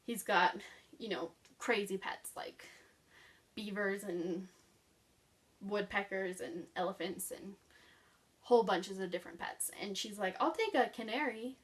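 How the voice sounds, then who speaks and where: A book vlogger picked up from a distance chats casually about her favorite childhood books, rambling enthusiastically with plenty of fillers. Her voice is medium in pitch and steady in tone, and she speaks a little slowly with long pauses.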